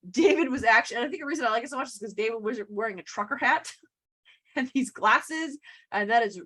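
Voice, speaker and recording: A woman co-hosting a podcast in casual chat, chatty and quick to laugh. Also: a little high, pushed and bright, husky. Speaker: podcast co-host. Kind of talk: casual chat about a TV comedy.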